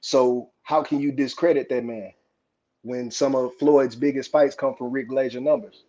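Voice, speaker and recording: A man calls into a live show and rambles through his argument in a flat, even voice with little rise or fall. His tone is dark and mellow, and his line sounds dull and lo-fi. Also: mid-range voice, moderate pace. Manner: rambling, full of fillers. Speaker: caller. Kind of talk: casual call-in commentary.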